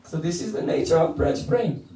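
High-voiced man giving a devotional lecture. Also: animated, normal speed, warm tone. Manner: playful storytelling, chants verses in song. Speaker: spiritual teacher. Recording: echoey room, mic at a distance.

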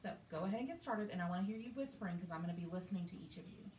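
A woman's voice: on the low side, animated, rapid-fire, a little mellow, recorded from a distance, slight background noise. Encouraging woman teacher in echoey classroom. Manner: encouraging, patient, asks questions. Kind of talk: classroom reading lesson. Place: school classroom.

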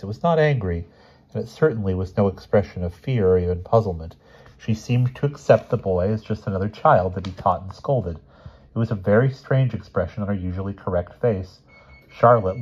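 A man reading a children's novel aloud in a calm, steady narration with small slips. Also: lowish voice, breathy edge, lo-fi sound. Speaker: audiobook reader.

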